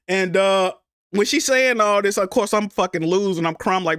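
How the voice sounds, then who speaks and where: A young man telling his stream viewers an emotional story, halting and repeating himself as he talks. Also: high-pitched, fairly bright tone, clear, resonant tone, no echo, studio quality.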